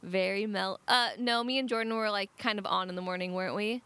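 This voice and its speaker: A woman's voice: mid-range voice, steady tone, brisk, sharp tone, clear, resonant tone, dry recording. Chatty young woman who laughs a lot. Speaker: guest, cafe team member. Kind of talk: casual conversation.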